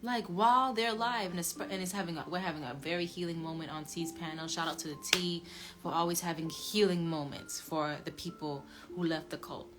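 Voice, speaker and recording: Woman, emotional casual storytelling, low-pitched voice, swings from low muttering to loud emphatic bursts, music clearly audible behind. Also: steady tone, a little fast. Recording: music playing under the voice.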